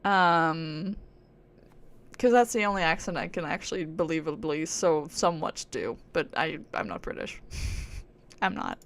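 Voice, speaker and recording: A woman's voice: low-pitched, a little slow, fairly bright tone, a little hiss or hum. A woman from Germany streaming a game, chatting playfully and laughing often. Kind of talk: casual gaming commentary.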